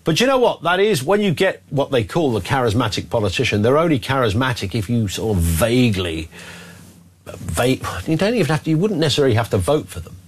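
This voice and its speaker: A man hosting a talk radio phone-in, his voice a little husky. He sounds conversational and opinionated, at a middle pitch, and talks callers through the issues in a relaxed, chatty way. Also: fairly quick. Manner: conversational, opinionated, reads out listener messages.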